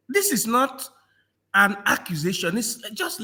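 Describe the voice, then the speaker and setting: A man's voice: high-pitched, expressive, slow pace, sharp tone. A man from Nigeria in a political discussion, mocking and repeating phrases, laughing often. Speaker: panel guest.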